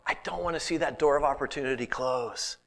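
A middle-aged man preaching a sermon, telling stories with animated delivery and dropping to a hushed whisper at times. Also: medium pitch, brisk, gravelly. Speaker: pastor.

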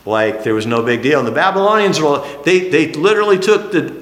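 A man preaching a sermon, emphatic, dropping to hushed lines and then rising to animated exclamations. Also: on the high side, fairly quick. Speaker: pastor. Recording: echoey hall.

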